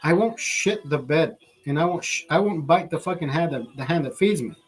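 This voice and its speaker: A man's voice: on the high side, expressive, fairly quick, slightly rough. A man hosting a live stream, ranting in a rambling, profane way with laughing asides. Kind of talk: livestream rant.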